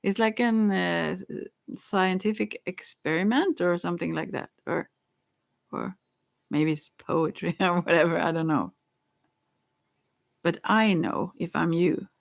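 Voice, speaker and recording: A woman's voice: lowish voice, a little slow, gravelly, pauses often. A woman rambling in a casual monologue, musing dreamily, giggling and stammering with frequent restarts.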